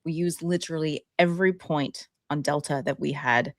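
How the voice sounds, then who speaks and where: A young woman co-hosting a podcast over a video call, reacting playfully with quick laughs in casual chat. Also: low voice, no echo, studio quality. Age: young adult.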